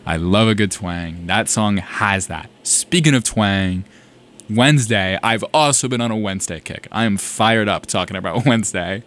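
Young male college radio host from South Carolina; low-pitched, loose and excitable, keeps restarting his sentences. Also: normal speed. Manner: rambling, self-correcting, enthusiastic. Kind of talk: casual radio chat.

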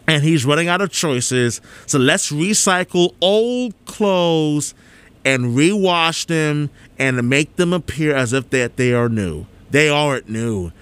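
Slow deliberate guy ranting on sports radio, exasperated, keeps repeating himself into the studio mic. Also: mid-range voice. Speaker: radio show host. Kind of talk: sports talk radio commentary.

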